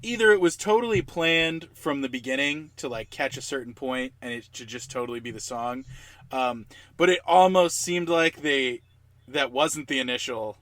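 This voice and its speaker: A man's voice: mid-range voice, normal speed, a bit bright, no room sound. A man co-hosting a casual film podcast, joking around and explaining things in a stop-start way. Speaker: podcast co-host.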